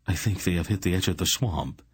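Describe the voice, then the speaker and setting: A man voicing a quick-witted thief, talking quickly and urgently. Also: deep voice, breathy edge, dry recording, studio quality. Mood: wry. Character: quick-witted male thief, wry and edgy.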